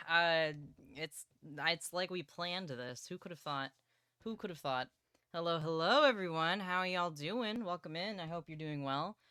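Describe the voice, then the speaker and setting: Excitable young woman chatting on stream. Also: fairly low pitch, clear, resonant tone, dry recording, studio quality. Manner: excitable, playful, swears casually. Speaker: livestreamer. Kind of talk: casual livestream chat about books. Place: partner's home streaming setup.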